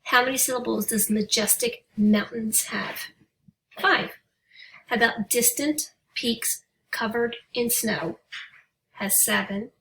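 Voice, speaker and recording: A woman teacher giving a writing lesson to young students, speaking patiently and reading example poems slowly and deliberately. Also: a little high, fairly even intonation, creaky, a bit bright, distant mic, slight background noise, rough recording. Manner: patient, encouraging. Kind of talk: recorded remote writing lesson.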